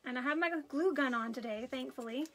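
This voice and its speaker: Greeting her viewers by name as she works, a woman hosting a craft live stream keeps up a brisk, easygoing chat full of friendly, lively stories. Her high voice has a bright, clear edge, with soft music in the background and a rough recording.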